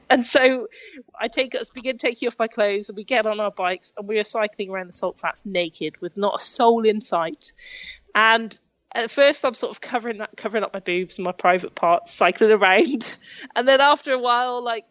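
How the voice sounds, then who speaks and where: A woman's voice: medium pitch, fairly quick, fairly bright tone, no echo, dull audio. A young woman from England telling travel stories in a chatty way. She laughs often and acts out the things people said. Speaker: podcast guest, adventurer. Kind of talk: casual storytelling in an interview.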